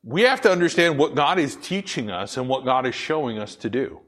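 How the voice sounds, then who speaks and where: A middle-aged man with a deep, full radio-style voice, preaching a conversational sermon as pastor with many fillers and restarts. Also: expressive, a little fast, a bit bright.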